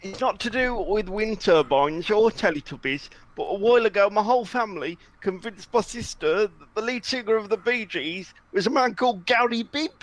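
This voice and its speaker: An excitable man telling short funny stories and bursting into laughter during comedic banter. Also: high-pitched, normal speed, few pauses, low-quality recording.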